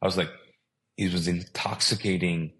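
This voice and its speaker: Man, middle-aged, low pitch, native Urdu speaker, animated personal storytelling. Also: normal speed. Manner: animated storyteller, acting out quoted dialogue. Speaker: guest.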